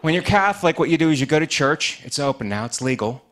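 A man's voice: fairly high pitch, expressive, fast, fairly bright tone, slight background noise. Dry stand-up comic man. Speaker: stand-up comedian. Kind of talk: stand-up comedy set.

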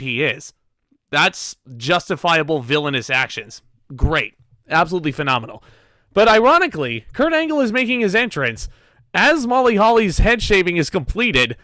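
A man with a bright, fairly high voice talks about a wrestling show on a podcast. He swings his pitch a lot and packs his opinions with filler ums, and the sound is dry and close. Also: big pitch swings, moderate pace, no echo. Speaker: guest cohost. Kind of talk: casual wrestling review chat.

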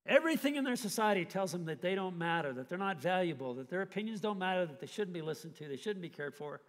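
A man preaching a sermon, telling a story with animated, acted-out scenes. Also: sits high, fast, in a large hall. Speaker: pastor. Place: church hall.

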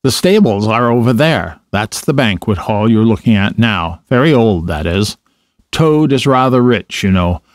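A man's voice: fairly low pitch, expressive, normal speed, no room sound, studio quality, natural voice. A man voicing a friendly, sensible male water rat who explains things plainly to a friend. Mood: explaining. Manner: explaining, matter-of-fact.

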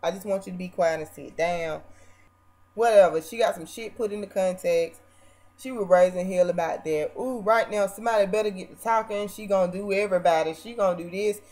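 A woman with a mid-range voice rants to her camera in a brash, mocking, foul-mouthed way. She turns theatrical, jumping from loud outbursts to low, muttered asides. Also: a little fast. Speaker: vlogger. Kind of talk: casual reality-TV rant.

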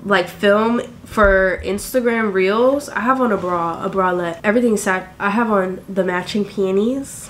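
A woman in her twenties chatting casually to camera while doing her makeup, animated and full of quick asides. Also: medium pitch, a little hiss or hum. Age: 20s. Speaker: vlogger.

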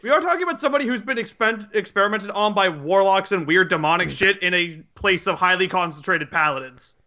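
A man's voice: sits high, fast talker, bright, forceful tone, dull audio. A man playing a tabletop game, rambling as he describes his character's actions. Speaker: player. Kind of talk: casual tabletop game chat.

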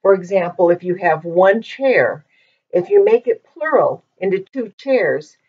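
A woman teaching a language lesson in a patient, methodical way, pausing often with ums, recorded on a poor-quality microphone. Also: mid-range voice, animated. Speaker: Hebrew teacher. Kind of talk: slow explanatory lesson. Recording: dull lo-fi microphone.

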